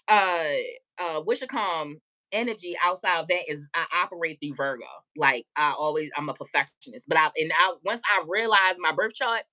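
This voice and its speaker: Brief: woman livestream host, low-pitched, bright tense tone, brash and profane. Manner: loud, laughing, profane, talks back to chat. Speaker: tarot reader streamer. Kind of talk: casual live-stream chat.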